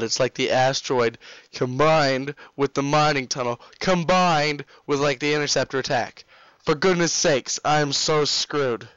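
A man giving casual, excitable commentary while playing a game, getting flustered and trash-talking it. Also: medium pitch, clear, resonant tone, no room sound, lo-fi sound. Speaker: let's play host. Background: game music and sound effects.

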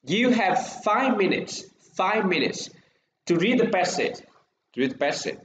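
Slow Vietnamese-accented male English teacher. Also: high-pitched, big pitch swings, a little hiss or hum. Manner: slow, repeats words for pupils to echo. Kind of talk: classroom English lesson.

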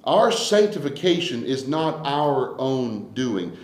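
A man preaching a sermon as pastor, swinging from hushed asides to loud, emphatic declarations. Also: mid-range voice, very animated, slow, roomy sound, low-quality recording. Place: church sanctuary.

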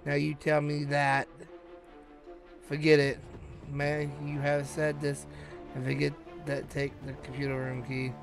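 A man's voice: on the high side, completely flat delivery, unhurried, vocal fry, long pauses, music in the background. A man reading out a creepy frog host. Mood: deadpan.

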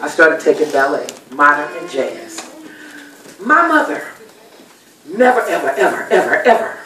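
A middle-aged woman shares family memories as a guest speaker at a dinner. She talks in an animated, folksy storytelling way. Her voice carries from some distance across a roomy, echoing hall. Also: low-pitched, moderate pace, slight background noise. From Texas. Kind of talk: personal storytelling speech. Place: banquet hall. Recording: echoey hall, voice from far off.

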